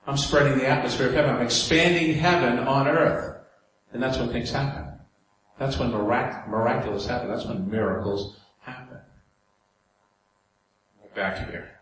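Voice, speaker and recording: A man's voice: medium pitch, moderate pace, long pauses, a bit bright. Echoey preacher man with New York accent. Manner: conversational, rhetorical questions to the audience. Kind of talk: sermon. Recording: very echoey hall, faint room noise.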